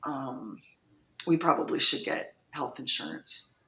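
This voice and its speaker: A woman's voice: sits low, unhurried, creaky, sharp tone, reverberant. A woman co-hosting a radio show, joking in a casual chat as she reads listener comments aloud. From United States. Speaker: radio co-host.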